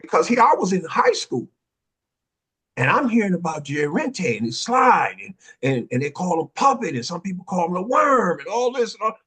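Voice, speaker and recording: A man, excitedly telling stories on a panel and acting out the voices of the people in them. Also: sits high, normal speed, slightly rough. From Oakland, California. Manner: excitable, acts out quoted voices, street slang. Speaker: panel guest, dance pioneer. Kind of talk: animated storytelling in a panel conversation.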